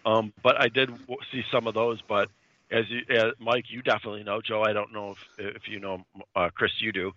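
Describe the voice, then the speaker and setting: A man's voice: fairly low pitch, flat delivery, fairly quick, pushed and bright, dry recording, lo-fi sound. A man in casual podcast chat who talks hesitantly, stammering and restarting his sentences.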